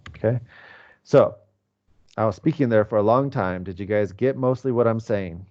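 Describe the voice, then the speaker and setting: Man, 40s, low voice, patient teacher, fillers, dull lo-fi video call sound. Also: moderate pace, a little mellow. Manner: patient, explanatory, many fillers. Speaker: English teacher. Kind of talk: online class teaching.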